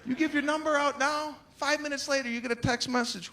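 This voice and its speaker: A male stand-up comedian with a strikingly high voice rants in an exasperated way, slipping into little characters and pushing up to shouts. He is on stage at a live show. Audience laughter and a steady rumble of noise sit behind him. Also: fairly quick, some chatter behind.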